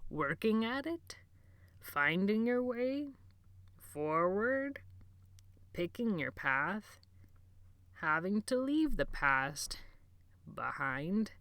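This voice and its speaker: A woman doing a frail hoarse old librarian. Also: medium pitch, big pitch swings, fairly bright tone, no echo, exaggerated voice. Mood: wistful. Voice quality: hoarse, near-whisper. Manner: slow, halting, dreamy speech. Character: frail, gentle old male asylum librarian.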